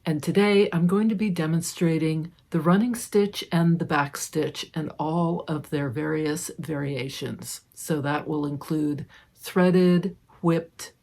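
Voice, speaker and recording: A middle-aged woman talks through an embroidery lesson in a relaxed, chatty way, pausing to think aloud as she stitches. Her voice has a gravelly edge and a husky, mellow tone. She sounds close to the mic. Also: low-pitched. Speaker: embroidery teacher and channel host. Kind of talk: casual step-by-step craft tutorial.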